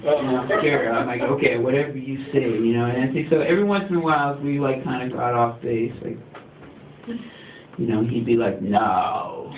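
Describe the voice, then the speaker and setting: A man talking as a musician guest in a casual interview, rambling and laid-back with lots of fillers. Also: medium pitch. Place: recording studio. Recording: tinny, echoey, distant, faint hiss.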